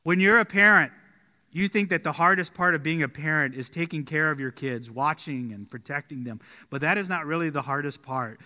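A man preaching a sermon as pastor, telling stories and dropping his voice low and slow to stress key points. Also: long reverb tail. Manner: storytelling, drops quiet and slow on key points. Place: church sanctuary.

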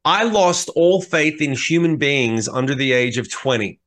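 This podcast co-host's voice is on the high side and his delivery unhurried. Chatting casually, he tells stories with animation, curses without restraint, and performs the quotes of the people involved.

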